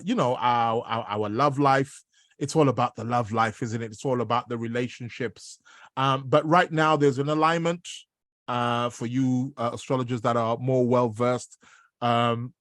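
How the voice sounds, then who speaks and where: A man's voice: medium pitch, fairly bright tone, no echo, clean studio sound. Rambling man hosting an astrology podcast. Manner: rambling, many fillers and restarts. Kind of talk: casual spoken commentary.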